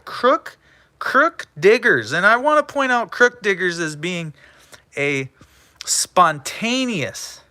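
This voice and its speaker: Guy rambling on his live stream, highish voice, slow drawl, jokey and stumbly. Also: pushed and bright, clean tone, no echo. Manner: rambling and joking, trips over words; talks to a coin as if it were a person.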